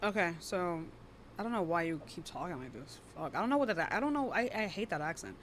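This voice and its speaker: A woman hosting a live online debate stream, blunt and profane, quick to cut people off. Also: on the low side, animated, slight background noise.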